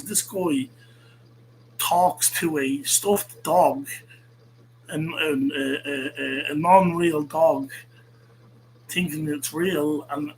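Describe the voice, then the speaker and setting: A man hosts a show and fires off a rambling, profane rant full of restarts. His voice sits a little above the usual male range. A soft hum runs faintly beneath him throughout. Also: on the high side, rough recording. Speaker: host. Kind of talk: ranting monologue.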